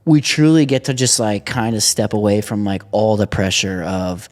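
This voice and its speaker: A man chatting on a podcast about riding, excitable, swearing a lot and laughing often. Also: on the low side, moderate pace. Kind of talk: casual podcast chat.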